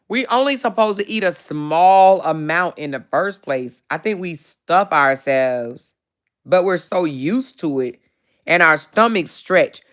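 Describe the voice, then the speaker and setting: Woman host, casual live chat; smooth clear tone, animated and profane, reads comments aloud. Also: on the low side. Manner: animated, salty and profane, drawling endearments like child and baby. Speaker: livestream host. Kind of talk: casual livestream chat reading viewer comments.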